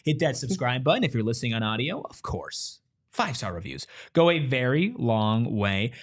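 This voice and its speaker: A man's voice: mid-range voice, animated, normal speed. A man hosting a sports podcast from a studio, playful and teasing in casual chat. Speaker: podcast host.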